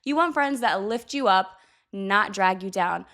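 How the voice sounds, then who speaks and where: A woman's voice: mid-range voice, animated, unhurried, fairly bright tone. A young adult woman chatting candidly to camera, giving blunt life advice and swearing casually. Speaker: vlogger.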